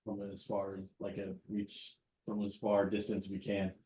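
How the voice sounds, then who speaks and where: Male player, low and mellow, casual tactics talk, roomy echo. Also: completely flat delivery, normal speed. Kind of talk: casual game chat.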